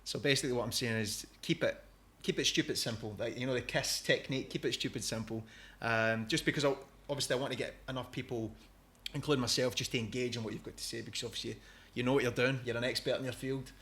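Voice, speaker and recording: A Scottish man hosts a relaxed podcast conversation at an ordinary, middle pitch. He chats loosely and rambles, and laughs easily between his questions. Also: fast. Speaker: podcast host. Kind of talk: casual interview chat.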